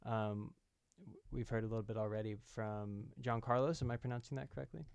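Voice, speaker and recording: A man's voice: mid-range voice, fairly even intonation, brisk, vocal fry, a little mellow, clean tone, dry recording. A man hosting a casual chat, encouraging and inviting others to speak. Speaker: host.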